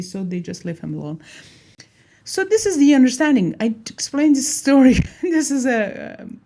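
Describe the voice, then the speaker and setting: Animated woman explaining with a mellow voice. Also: a little high. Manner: animated, acts out little dialogues, laughs at herself. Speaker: teacher. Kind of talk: casual explanatory talk.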